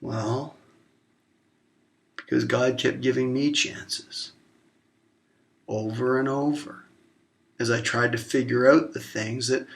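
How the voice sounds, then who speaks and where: A man delivering an emotional, confrontational monologue to camera, swearing openly and swinging between low murmurs and raised outbursts. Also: vocal fry, fairly bright tone. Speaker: vlogger.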